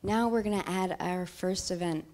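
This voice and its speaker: A woman's voice: fairly low pitch, moderate pace, a little mellow, a little hiss or hum. A woman presenting a coding project at a demo day, playful and joking as she fills in a live demo.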